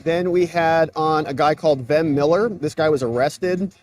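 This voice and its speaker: A man's voice: fairly high pitch, normal speed, darkish tone. A man hosting a casual livestream from a convention booth, chatting while eating. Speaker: livestream host. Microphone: phone camera.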